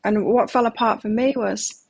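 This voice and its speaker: A woman's voice: on the high side, fairly even intonation, normal speed, vocal fry, no room sound. A middle-aged woman giving a live tarot reading, talking candidly and reflectively and sharing personal stories. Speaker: tarot reader.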